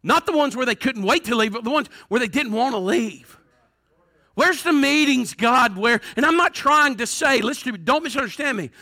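A man preaching a sermon as pastor, swinging between loud impassioned shouting and low urgent asides. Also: expressive, quick pace, hardly any pauses.

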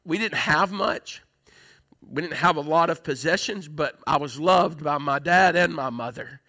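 A man preaching a sermon, swinging between emphatic, forceful peaks and hushed, tender passages. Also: on the high side, measured pace. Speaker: pastor.

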